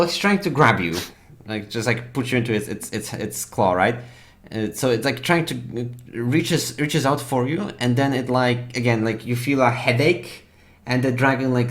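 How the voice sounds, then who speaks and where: Rambling young man narrating as game master. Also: mid-range voice. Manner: rambling, full of fillers and restarts.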